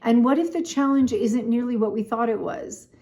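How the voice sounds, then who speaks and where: Woman, middle-aged, casual vlog storytelling, chatty, animated. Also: a little high, moderate pace. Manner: chatty, animated, lots of "like" and "oh my gosh". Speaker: vlogger.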